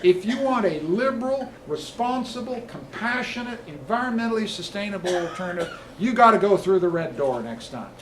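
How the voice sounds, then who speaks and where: A man's voice: high-pitched, expressive, brisk, hardly any pauses. A politician on the stump, a man with a slightly raised voice who drives his points home in emphatic, building lists. A faint hiss of noise sits under his speech. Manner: rousing, emphatic lists building to loud peaks. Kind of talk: campaign speech; answering a question, explanatory.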